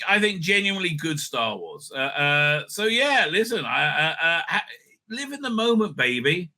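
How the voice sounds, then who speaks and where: A man's voice: a little high, pushed and bright. A man giving a casual, rambling episode recap and review, full of fillers and crude jokes.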